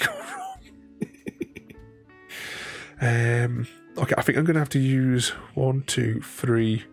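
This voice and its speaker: A man casually chatting with his viewers while playing a solo board game, thinking aloud and laughing often. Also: medium pitch.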